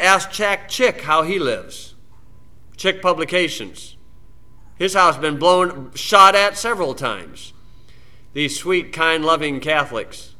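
Man, preacher, sermon, folksy storytelling, bright forceful voice, rises and falls in loudness. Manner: folksy storytelling preacher, rises loud then drops low. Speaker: pastor.

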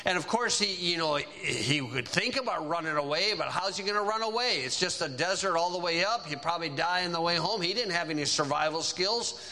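Man, preacher, high-pitched, bright tone, animated sermon storytelling. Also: a little fast, few pauses. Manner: animated, conversational, acts out characters.

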